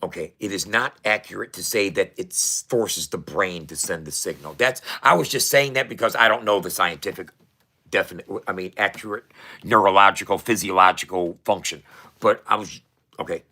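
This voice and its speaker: A man talking casually to camera, profane and excitable, often restarting his sentences. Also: fairly low pitch. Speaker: vlogger.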